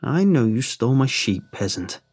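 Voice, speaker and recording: Man putting on a creaky old hag. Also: mid-range voice, very animated, normal speed, a little mellow. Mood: knowing. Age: over 60. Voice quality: creaking, rasping. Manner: sly and mocking, turning to cursing. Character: creaky ancient hag woman, gentle then cruel.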